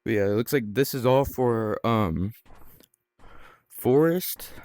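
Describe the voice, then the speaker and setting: A man's voice: medium pitch, takes it slowly, a little mellow, no room sound. A man hosting his own gaming channel, chatting casually as he plays, rambling and filling his talk with ums, restarts and trailing-off phrases. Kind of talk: casual gameplay commentary.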